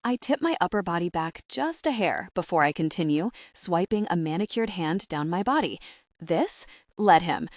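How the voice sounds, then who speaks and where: Dry, low-voiced woman narrating a romance. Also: expressive, normal speed, few pauses, dry recording. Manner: wry, sassy first-person storytelling. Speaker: audiobook narrator. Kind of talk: first-person romance audiobook narration.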